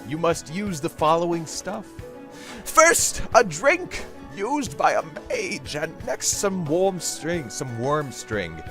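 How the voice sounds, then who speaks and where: A man voicing a pompous old male oracle in a mock-solemn tone, slowly reciting rhymes. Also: high-pitched, sing-song, music in the background, voice pushed up, heavily acted.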